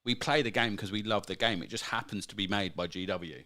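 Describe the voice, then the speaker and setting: A man co-hosting a podcast in relaxed, joking chat, often calling his friend mate. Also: fairly low pitch, a little fast. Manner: joking, laid-back, says mate a lot. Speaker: podcast co-host. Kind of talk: casual chat.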